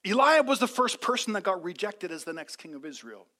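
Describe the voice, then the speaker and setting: Bright, high-voiced energetic preacher. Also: male voice, brisk. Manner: energetic, emphatic, call-and-response. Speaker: pastor. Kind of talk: sermon. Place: church.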